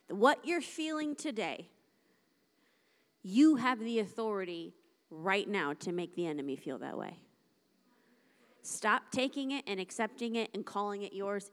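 A woman preaching a lively, conversational sermon to a church congregation, acting out little dialogues as she talks. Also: mid-range voice. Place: church service.

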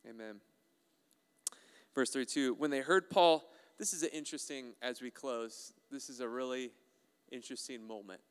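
Animated pastor preaching in an echoing hall. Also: male voice, medium pitch, normal speed, clear, resonant tone. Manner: animated, playful, asks the congregation questions. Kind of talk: sermon. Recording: resonant voice with long hall reverb.

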